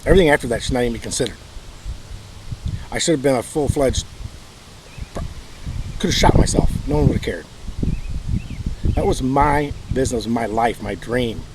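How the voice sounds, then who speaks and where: A man's voice: medium pitch, fairly quick, pauses often, noisy background. Bitter aggrieved man with a Michigan accent. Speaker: vlogger telling his own story. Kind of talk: personal monologue.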